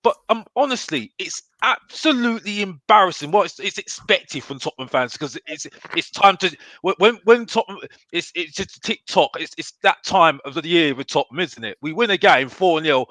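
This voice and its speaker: Brief: outspoken male football pundit, higher bright voice, dry close sound, keeps checking "yeah?". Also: expressive, normal speed, hardly any pauses, no echo. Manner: emphatic, keeps asking "yeah?"; blunt and fired up. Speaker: football fan pundit guest. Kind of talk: casual debate chat.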